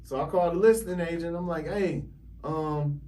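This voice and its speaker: A man telling a story on a podcast as a realtor guest, animated and laughing often as he acts out other people's lines. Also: a little high, moderate pace, recorded from a distance. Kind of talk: casual storytelling.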